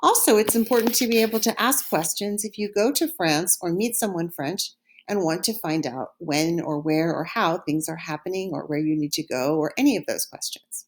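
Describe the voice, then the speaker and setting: A woman with a lowish voice teaches a recorded French lesson, pronouncing words slowly and clearly so listeners can repeat after her.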